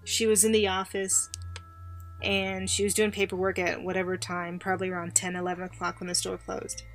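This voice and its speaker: A woman's voice: lowish voice, brisk. A woman co-hosting a podcast, telling a personal spooky story in a chatty, casual way and acting out the people she quotes. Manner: chatty, animated when quoting others. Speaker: podcast co-host.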